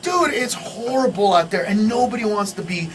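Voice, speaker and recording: A male comedian riffing as a guest on a radio morning show, shouting punchlines and laughing through his rants. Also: high voice, expressive, moderate pace, recorded from a distance. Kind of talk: loud stand-up style riffing. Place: radio studio.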